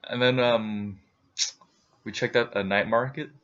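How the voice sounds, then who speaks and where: A man's voice: mid-range voice, steady tone, measured pace, fairly bright tone, highs cut off. A man co-hosting a casual travel recap, chiming in with jokes. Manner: joking, chiming in on his partner's lines. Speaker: co-host recapping a trip.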